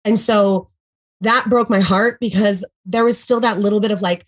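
The recording is rough as a thirties-aged woman, once an MLM seller, recounts an emotional story on a podcast. She speaks at normal speed with a medium pitch, acting out quotes and leaning heavily on fillers, very animated.

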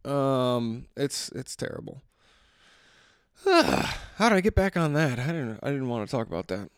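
Male podcast host, loose profane monologue, gravelly fry, dry sound. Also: medium pitch, very animated, unhurried, no echo. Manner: rambling, profane, self-interrupting. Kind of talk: casual solo podcast monologue.

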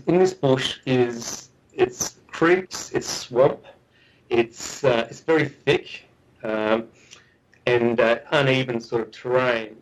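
A man's voice: medium pitch, slow pace, rough recording. A middle-aged man, a guest researcher, telling a story in a podcast interview, earnest and often restarting and repeating his words. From Australia.

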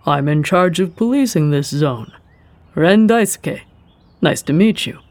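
A narrator voicing a polished, amiable male police chief who speaks with a heavy accent and talks slowly and smoothly. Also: medium pitch, animated, darkish tone, no room sound. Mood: smooth, cryptic. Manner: amiable, with a heavily accented English.

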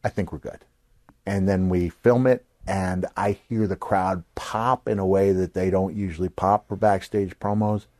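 An older man hosting a podcast, telling animated stories and acting out the voices of people he quotes, sometimes jumping to a shout for a punchline. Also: low voice, a little slow, no echo. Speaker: podcast host. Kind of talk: casual storytelling.

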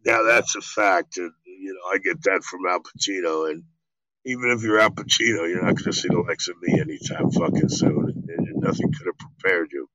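A man, an actor guest in an interview, telling lively stories full of swearing and acted-out quotes. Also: low voice, brisk, no room sound, dull audio. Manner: animated, profane, acts out quotes. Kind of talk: storytelling interview.

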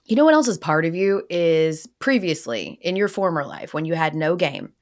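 A woman's voice: deep voice, sing-song, moderate pace. A woman hosting a sports talk show, chatting casually and playfully teasing her co-host. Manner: playful teasing, acts out quoted voices.

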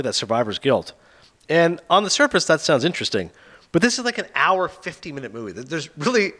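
Fast-talking animated male film reviewer. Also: on the high side. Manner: animated, sarcastic retelling of plots. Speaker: podcast host reviewing films. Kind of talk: casual chat.

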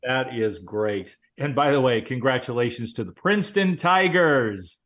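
A man's voice: mid-range voice, lively intonation, unhurried, a bit bright. Upbeat male talk host, jokey, easy chat, laughs a lot. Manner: jovial, joking, laughs often. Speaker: radio show host. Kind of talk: casual interview chat.

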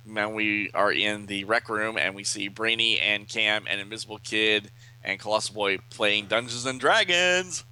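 Bright-voiced man recapping a comic. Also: on the low side, moderate pace, few pauses, clean tone, rough recording. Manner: animated, reads out all the dialogue and puts on voices. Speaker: podcast host reading a comic aloud. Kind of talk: casual comic read-along.

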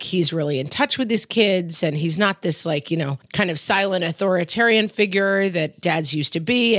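A middle-aged woman co-hosting a parenting podcast in casual chat, telling lively stories and acting out her kids' voices. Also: fairly low pitch, dry recording, studio quality. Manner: animated storyteller, acts out kids' voices. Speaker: podcast co-host.

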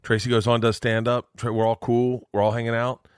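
A male stand-up comedian telling a story as a podcast guest, animated and profane. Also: medium pitch, brisk, clean tone, dry recording, clean studio sound. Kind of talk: comic storytelling.

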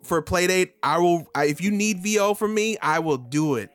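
A man's voice: sits high, expressive, moderate pace, no room sound, soft background music. A man co-hosting a podcast, teasing and playful in casual chat. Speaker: podcast co-host.

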